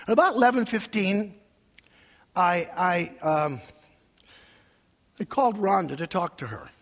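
A high-pitched, husky male pastor preaches with lively, swooping intonation, his voice ringing through a large church sanctuary with long reverb. He tells his story with great emotion, dropping to soft asides and then rising to loud cries. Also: unhurried. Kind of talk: sermon.

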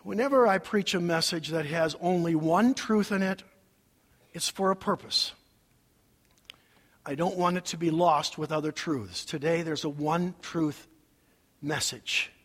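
A man preaching a sermon as pastor, dropping to hushed near-whispers and rising to shouts, sometimes singing lines of a hymn. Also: fairly high pitch, measured pace, pauses often. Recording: long hall reverb.

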